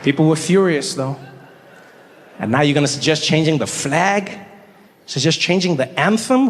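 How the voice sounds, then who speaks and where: A man performs stand-up comedy with a fairly high voice and lively, animated storytelling. The sound carries the long reverb of a large hall, with faint ambience behind him. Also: moderate pace, slight background noise.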